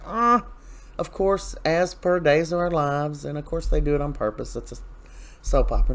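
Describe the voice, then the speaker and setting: Casual male recapper, mid-pitched, chatty and opinionated, loose scene retelling. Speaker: soap opera recap host.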